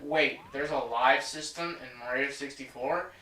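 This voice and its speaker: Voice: mid-range voice, a little slow, bright, forceful tone, roomy sound, distant mic. A let's play host chatting casually over gameplay, joking and talking both to themself and to viewers. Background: game music.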